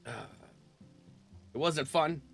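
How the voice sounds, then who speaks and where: A man's voice: on the high side, slow, a bit bright, faint music behind. A man casually chatting with his live-stream viewers, laughing often and greeting them by name.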